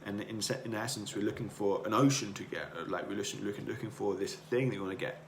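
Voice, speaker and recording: Speaking quickly with fairly even intonation, a male podcast host in a lowish voice delivers an earnest, rambling motivational monologue that keeps circling back over his own words. His room is echoey, with a faint hiss beneath.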